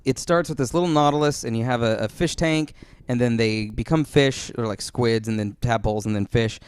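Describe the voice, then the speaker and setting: A young man co-hosting a podcast, telling stories in a lively, halting way with many restarts. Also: mid-range voice, clear, resonant tone, no room sound. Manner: animated storytelling with many restarts. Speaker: podcast co-host. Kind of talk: casual chat.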